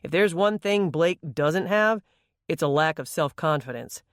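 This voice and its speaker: Firm, fatherly middle-aged man, deep baritone, read by the narrator. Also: expressive, measured pace, dry recording, studio quality, lightly acted.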